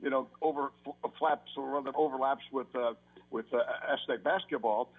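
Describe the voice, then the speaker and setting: Older sportscaster on a tinny phone line. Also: male voice, mid-range voice, moderate pace, husky. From New York. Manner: long run-on answers with restarts. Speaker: sportscaster guest. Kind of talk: casual radio interview.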